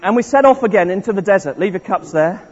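A man's voice: high-pitched, lively intonation, fast talker. A man leading an interactive all-age church service, playful and encouraging as he walks the congregation through a story. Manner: playful, encouraging, restarts often. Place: large church hall. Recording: dull echoey church recording from afar.

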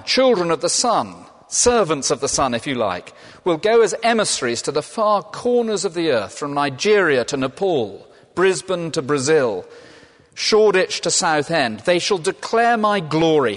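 Preacher in an echoing hall. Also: male voice, a little high, a bit bright. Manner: conversational, asks and answers his own questions. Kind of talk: sermon. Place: church. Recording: long reverb of a large hall.

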